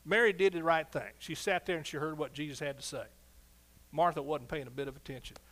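Animated preaching pastor, fairly high voice. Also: male voice, fairly quick. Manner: animated, swings between soft asides and loud exclaiming. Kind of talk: sermon.

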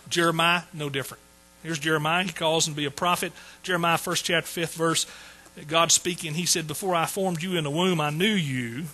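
A man's voice: a little high, fairly even intonation, fairly quick, sharp tone, rough recording. A man preaching a sermon in a folksy, joking way. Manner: folksy, joking asides to the congregation. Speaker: pastor.

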